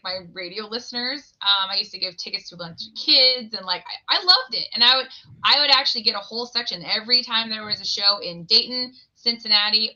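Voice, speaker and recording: Woman guest and former radio host. Rambling, bubbly storyteller, very bright tone, dull audio. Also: medium pitch. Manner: bubbly, rambling storyteller who laughs often. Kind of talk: casual interview chat. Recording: muffled lo-fi audio.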